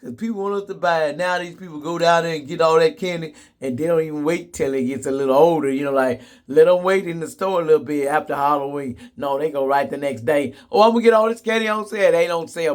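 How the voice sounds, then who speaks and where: A man telling comedic stories to the camera in a sassy, blunt way, laughing often. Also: a little high. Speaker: vlogger. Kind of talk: casual comedic storytelling.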